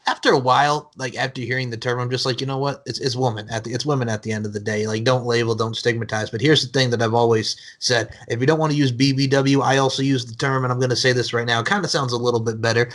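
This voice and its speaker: A man's voice: medium pitch, fairly even intonation, fast talker, hardly any pauses, fairly bright tone. A man hosting a podcast interview, effusive and full of compliments for his guest. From United States. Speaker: podcast host. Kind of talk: casual interview chat.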